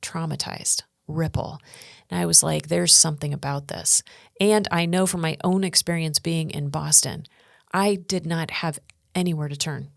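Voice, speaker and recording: Earnest storytelling woman, low voice. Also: moderate pace, creaky, no room sound, clean studio sound. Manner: earnest, animated storytelling with acted quotes. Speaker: guest speaker and coach. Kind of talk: podcast interview storytelling.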